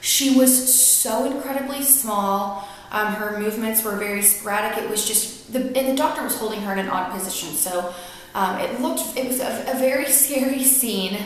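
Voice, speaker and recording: A woman's voice: on the high side, normal speed, a little hiss or hum. A young woman vlogger telling a personal story to camera, earnest and emotional, rambling with fillers. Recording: very echoey room.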